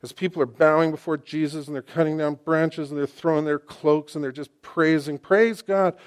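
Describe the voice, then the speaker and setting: A middle-aged man preaching a sermon in an animated, excitable, conversational way, often restarting his sentences. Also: a little high, fairly quick.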